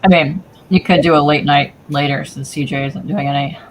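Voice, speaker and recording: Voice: medium pitch, steady tone, brisk, slight background noise, rough recording. A co-host on a call in a casual livestream, teasing and tossing in short replies. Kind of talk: casual chat.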